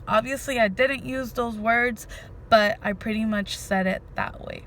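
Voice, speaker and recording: A woman's voice: fairly high pitch, measured pace, a little hiss or hum. A woman vlogger telling a story to her viewers in a casual, emphatic way, often saying "freaking" and speaking to them directly. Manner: animated, emphatic, says "freaking" a lot.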